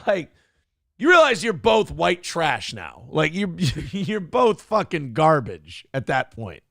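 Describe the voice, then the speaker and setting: A man hosts a reaction show, his gravelly voice swinging lively up and down as he mocks what he hears. He is sarcastic and swears freely. The sound is dry and close. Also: on the high side, slow pace, no echo. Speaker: show host. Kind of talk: profane reaction commentary.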